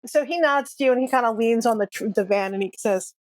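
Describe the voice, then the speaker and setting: A woman's voice: on the high side, fast, dry recording. Chatty, laughing woman game master. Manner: chatty, laughing, lots of fillers. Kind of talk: narrating a tabletop game.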